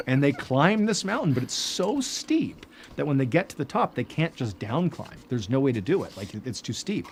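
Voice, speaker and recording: Podcast host, male, chatty and animated, swings pitch up for emphasis, faint hiss behind. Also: normal speed. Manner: animated, lots of "like" fillers. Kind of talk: casual storytelling chat.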